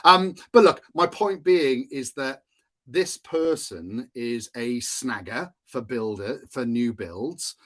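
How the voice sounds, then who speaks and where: Male instructor from Wales, casual teaching talk, chatty, mid pitch. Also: takes it slowly. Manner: chatty, often checks in with "right?". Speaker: course instructor.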